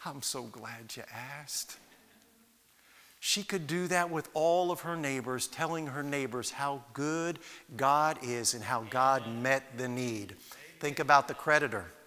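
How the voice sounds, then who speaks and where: A man's voice: medium pitch, measured pace, bright, forceful tone, clean tone, in a large hall. A man preaching a sermon, retelling a Bible story with dramatic storytelling and acted-out voices. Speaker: pastor.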